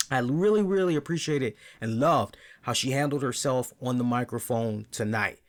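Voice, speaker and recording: A man hosting a wrestling review show, talking casually and with animation, often repeating words and asking "right?". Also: a little high.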